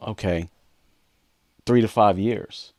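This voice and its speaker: Man on a podcast telling his story, earnest, low-ish voice, dry sound. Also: slow pace, darkish tone, no room sound. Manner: earnest, reenacts past dialogue. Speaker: podcast co-host. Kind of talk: candid conversational storytelling.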